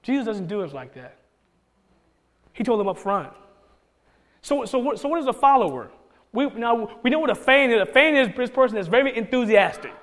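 A man pastor preaching a conversational sermon to his church, with many restarts and bursts of excitement. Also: very high-pitched, brisk, long pauses, in a large hall. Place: church sanctuary.

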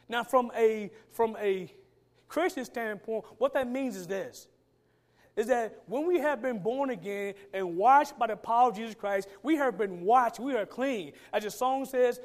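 A man with a notably high voice delivers a sermon. He talks in a plain, colloquial way, leans on key words and stretches them out, then lets his lines drop off quietly. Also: lively intonation. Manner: preaching with rising and falling emphasis, drawn-out words; colloquial phrasing. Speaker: pastor.

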